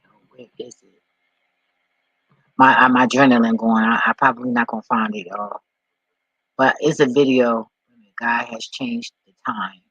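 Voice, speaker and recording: A man talking off the cuff in a vlog, rambling and excitable, swearing often as he reads and reacts. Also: mid-range voice, moderate pace, pauses often, slightly rough, no echo, lo-fi sound. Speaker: vlogger.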